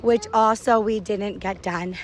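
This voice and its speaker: Woman in her 30s, upbeat rambling vlogger recording on a phone outdoors, clear crowd and ambient noise behind her. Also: medium pitch, steady tone, unhurried. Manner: chatty and upbeat, rambling with self-corrections. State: out of breath while walking. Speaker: podcast host vlogging a family park trip. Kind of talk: casual on-the-go audio diary. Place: outdoors at a theme park, walking.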